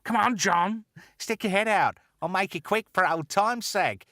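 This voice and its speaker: A man's voice: sits high, unhurried, bright, forceful tone, dry recording, clean studio sound, pitched above the performer's own voice, exaggerated voice. A man doing an impression of a muscle-bound action-movie hero, reciting taunting lines in a theatrical put-on accent.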